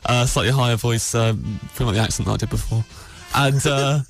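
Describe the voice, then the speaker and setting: A man's voice: medium pitch, vocal fry. Young man with a lazy English Midlands accent, mid-range voice, rambling anecdote with lots of ums and restarts; radio studio with faint music under. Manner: rambling, halting storytelling with frequent fillers and self-interrupting restarts. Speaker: comedian guest telling a story.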